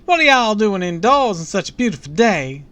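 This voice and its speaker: A man voicing a bustling older farm woman in a loud, chipper put-on Southern accent. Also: sits high, big pitch swings, normal speed, pitched above the performer's own voice. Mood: booming. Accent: American Southern, put on.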